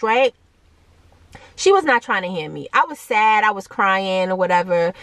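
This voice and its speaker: A young adult woman vlogging a casual storytime, animated, with many fillers and asides to her viewers and higher-pitched quoted voices. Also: moderate pace, no echo.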